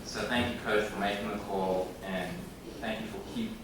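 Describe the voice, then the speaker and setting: A man in his thirties giving a halting, heartfelt acceptance speech, with many pauses and filler sounds, in a large banquet room. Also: fairly low pitch, fairly even intonation, distant mic. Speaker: hall of fame inductee. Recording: echoey banquet hall from afar with room noise.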